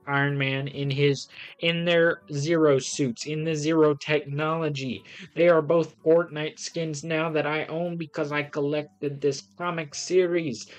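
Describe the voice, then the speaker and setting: A man casually reviewing comics on a live stream, excitable and rambling with lots of ums and restarts. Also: a little high, smooth, poor audio.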